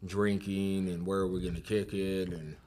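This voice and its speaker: A man telling his recovery story as a podcast guest, talking casually in rough street slang with plenty of swearing. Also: low-pitched, flat delivery, moderate pace, darkish tone. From Inland Empire, California. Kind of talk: casual conversation.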